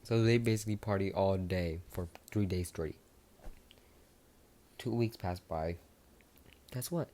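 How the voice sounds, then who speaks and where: A man's voice: low voice, measured pace, pauses often, warm tone. A young man casually improvising a fan story, rambling with many restarts and asides.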